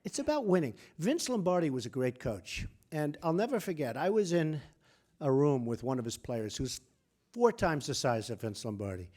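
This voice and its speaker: A man's voice: mid-range voice, animated, moderate pace, darkish tone. A man giving a luncheon speech as a guest speaker, boastful and repetitive, talking in punchy short phrases at a podium microphone. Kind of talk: speech delivered as casual anecdotes. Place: hall at a press club luncheon.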